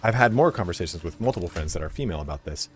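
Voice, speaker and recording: A man's voice: deep voice, animated, racing. A man streaming a video game, chatting casually in a rambling, frank and profane way, full of fillers. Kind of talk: casual chat while playing.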